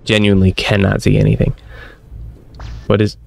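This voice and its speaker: Gaming commentator, young man, low gravelly voice, nervous self-mocking banter, game music underneath. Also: completely flat delivery, normal speed. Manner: jumpy, self-mocking reactions. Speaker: gaming streamer. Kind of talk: let's-play commentary.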